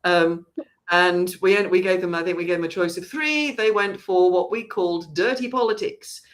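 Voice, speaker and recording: A woman's voice: lowish voice, normal speed. Woman, theatre company director, casual announcement, rambling, restarts often. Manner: chatty, rambling, with frequent restarts.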